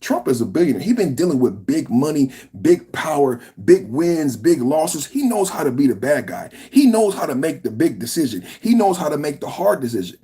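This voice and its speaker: Husky, animated man ranting. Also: a little high, normal speed, few pauses. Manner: animated, emphatic, slangy, repetitive. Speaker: podcast host. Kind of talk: political reaction rant.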